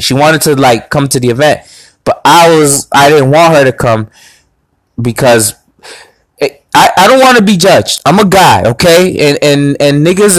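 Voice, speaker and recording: A man's voice: fairly high pitch, dry recording, low-quality recording. A man hosting a podcast, telling a personal story in a blunt, crude, boastful way. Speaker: podcast host. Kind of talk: casual storytelling monologue.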